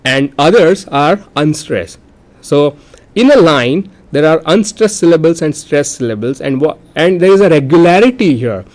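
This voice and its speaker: A man with an Indian English accent giving a recorded lecture on poetry, explaining slowly and repeating words as he goes. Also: a little high, expressive, darkish tone.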